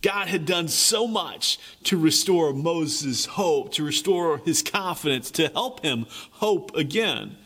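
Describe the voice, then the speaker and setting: A man preaching a sermon, reading scripture and then retelling the story in a lively, conversational way. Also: a little high, slow pace, few pauses, breathy edge. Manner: animated storytelling, paraphrases characters in lively voices. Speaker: pastor.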